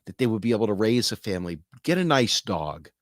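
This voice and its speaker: Earnest man talking, low dry voice. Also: sing-song, fast, no echo. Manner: earnest, acts out quoted voices. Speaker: host. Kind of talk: casual direct-to-camera talk.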